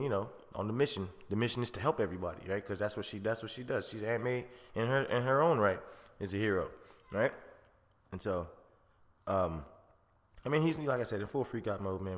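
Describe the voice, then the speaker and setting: A man rambles through a casual film review, cursing and laughing with loose slang. His low, bright voice rings with a long reverb in the room, like a home podcast setup. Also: lively intonation, brisk. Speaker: podcast host.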